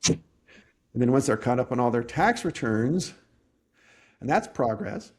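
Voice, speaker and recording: Podcast host, man, mid-pitched, measured explainer who restarts his sentences. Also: expressive. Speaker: tax resolution agent and podcast host. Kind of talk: conversational podcast interview.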